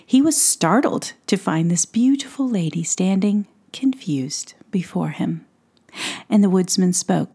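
A woman telling a fairy tale in a soft, hushed whisper as storyteller. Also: fairly low pitch, expressive, unhurried, husky.

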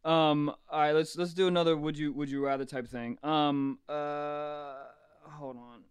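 A young man hosting a casual podcast chat, crude, excitable and joking. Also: fairly high pitch, a little slow, clean tone, dry recording. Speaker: podcast host.

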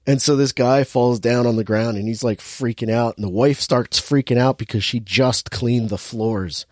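Man, podcast co-host energy, animated storyteller, dry booth sound. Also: medium pitch, moderate pace, no echo. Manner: animated storyteller, laughs often, acts out quotes. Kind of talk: casual movie recap chat.

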